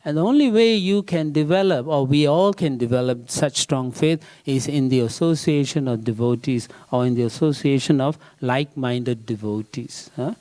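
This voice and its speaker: A man's voice: medium pitch, normal speed, few pauses, mellow. A man giving a scripture class in a temple, telling an anecdote with frequent fillers and tag questions. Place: temple hall.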